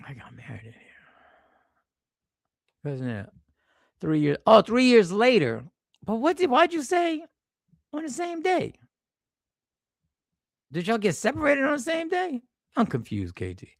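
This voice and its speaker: Livestream host, male, high gravelly voice, slangy and animated, dry close sound. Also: measured pace, pauses often, no echo. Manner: animated, slangy, reacts to chat with sudden exclamations. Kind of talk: casual livestream chat reading comments. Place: airport.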